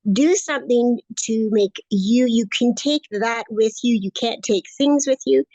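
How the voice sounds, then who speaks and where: A woman's voice: fairly high pitch, a little slow, warm tone, no echo. Woman, late 60s, upbeat rambling interviewee; dry, slightly dull recording. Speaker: course student interviewee. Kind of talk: casual interview conversation.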